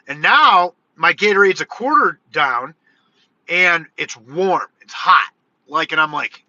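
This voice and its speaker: A man with a high, very bright voice tells a meandering story in a casual vlog, quoting himself and cursing freely. The sound is dry and a little muffled, with little room around it. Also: dry recording. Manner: rambling, swears, quotes himself. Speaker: vlogger. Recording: dull lo-fi sound.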